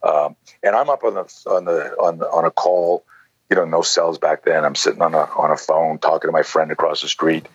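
A man in his sixties, a self-defense instructor, telling stories in casual conversation, rambling with many fillers and a husky voice. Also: very deep voice, steady tone, brisk, no echo, muffled recording. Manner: rambling, lots of "you know" and "like". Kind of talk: conversational storytelling.

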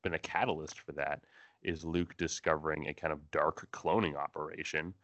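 Very deep-voiced male co-host, lo-fi mic. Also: steady tone, normal speed, a bit bright, no echo. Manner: speculative, builds theories. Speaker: podcast co-host. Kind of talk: casual fan podcast chat.

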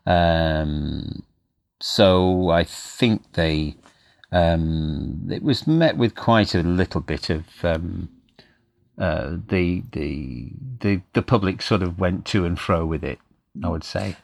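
A man, an actor being interviewed, reminiscing casually with a halting, hesitant manner. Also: sits low, gravelly. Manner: halting, many fillers and restarts.

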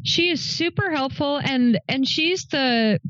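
A woman in her thirties co-hosts a casual film review, animated and jokey and quick to do voices. Her voice sits a little high. The recording is dry and slightly dull. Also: no echo. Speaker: podcast co-host.

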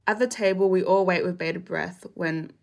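A young woman from Australia reading her personal essay aloud in a measured, reflective way. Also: lowish voice, steady tone, gravelly.

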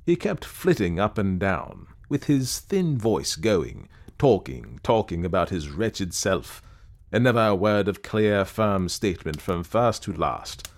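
A man narrating a classic ghost story as an audiobook. His voice sits on the low side, but the pitch moves animatedly through each sentence, dry and expressive.

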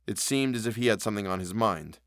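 A man reading a classic story aloud for a podcast in a measured, steady way. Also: lowish voice, no room sound, studio quality. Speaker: podcast reader.

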